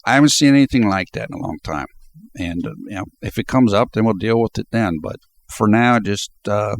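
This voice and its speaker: A man with a notably low, deep voice talks to his viewers in a loose vlog style. He speaks off the cuff and reflects as he goes. He delivers sports commentary at an easy pace. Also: a little fast. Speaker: sports video blogger. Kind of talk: casual spoken commentary.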